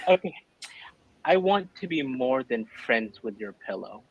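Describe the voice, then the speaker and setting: A man reading cheesy pickup lines in a deadpan way, as a co-host in a casual online chat. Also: medium pitch, slow pace, slightly rough, no room sound, low-quality recording. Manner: deadpan delivery.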